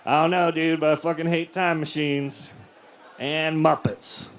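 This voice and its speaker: Forties male stand-up, deadpan and crude, live club set, mid-high voice, does silly voices. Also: measured pace, a little hiss or hum. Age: 40s. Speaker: stand-up comedian. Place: comedy club with a live audience.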